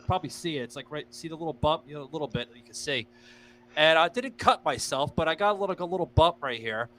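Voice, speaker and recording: A podcast host, a man with a fairly high, bright and forceful voice. He rambles through his stories with excitable energy, cursing freely as he goes. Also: quick pace, a little hiss or hum. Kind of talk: casual podcast chat.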